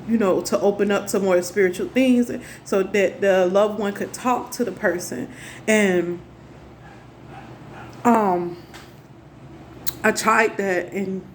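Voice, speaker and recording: Woman, young adult, rambling earnest vlog chat, faint neighbor noise behind. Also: medium pitch. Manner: rambling, many restarts, earnest. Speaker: spiritual vlogger. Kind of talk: casual personal monologue to camera.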